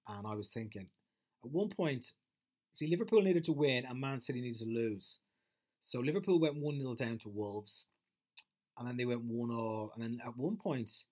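A man's voice: mid-range voice, darkish tone. A man talking through a casual monologue as a podcast host, rambling and swearing freely, with plenty of fillers and restarts.

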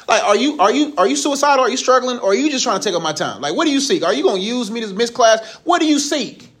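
A man's voice: very high-pitched, expressive, fast, fairly bright tone. A man in his thirties giving a casual, joking Bible lesson to a youth group. He uses slang and asks the group questions.

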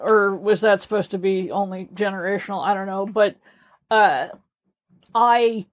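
A woman's voice: mid-range voice, measured pace. A woman co-hosting a podcast, chatting casually in a rambling, self-deprecating way with frequent swearing. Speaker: podcast co-host, author. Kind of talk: casual chat.

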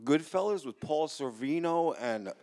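A man's voice: fairly high pitch, animated, unhurried, a little mellow. A man telling a personal story live on stage in a casual, rambling way, swearing and restarting his sentences. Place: small hall in front of a live audience.

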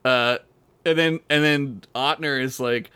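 A man's voice: medium pitch, fairly even intonation, measured pace, sharp tone, clean tone, no room sound. A man co-hosting a casual podcast, riffing with crude jokes and laughing easily. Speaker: podcast co-host. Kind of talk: casual comedic recap chat.

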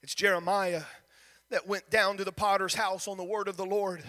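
High-pitched preaching pastor in echoing hall. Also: male voice, little pitch movement, normal speed. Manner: preaching with rising shouted, sing-song cadences. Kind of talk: sermon.

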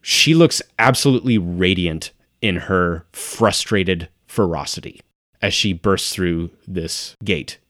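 A man running a tabletop game as game master, describing scenes and dropping to a hush at dramatic beats. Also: low-pitched, slow, no room sound, clean studio sound.

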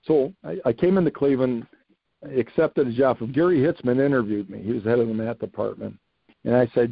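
A man's voice: medium pitch, brisk, vocal fry, no room sound, dull audio. An older man, a retired coach, telling stories animatedly in a casual interview, repeating phrases for emphasis. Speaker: retired coach, podcast guest.

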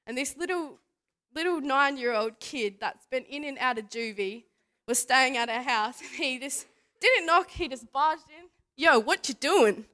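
Her voice is high, bright, and forceful as this young woman shares her testimony at church in a casual way. She chats along, laughing often and leaning on fillers like "like" and "you know."

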